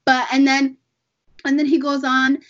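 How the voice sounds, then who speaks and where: A high-pitched woman recounts what happened, slipping into other people's words and swearing as she goes. The sound is dull and lo-fi. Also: measured pace. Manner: animated retelling, quotes people, profane. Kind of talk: casual chat, telling a story.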